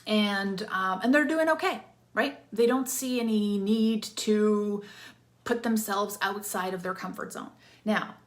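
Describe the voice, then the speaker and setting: A woman's voice: medium pitch, unhurried. Upbeat chatty woman coaching on a livestream. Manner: upbeat, chatty, energetic with bursts of enthusiasm. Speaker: interactive storytelling coach. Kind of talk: live-streamed coaching talk. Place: room with some echo.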